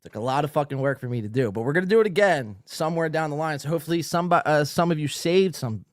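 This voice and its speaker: A podcast host on a live stream talks fast in a fairly high voice, loud, profane and hyped, yelling while out of breath. He speaks loosely as he reads viewer comments into a studio mic, and the sound is clean and echo-free.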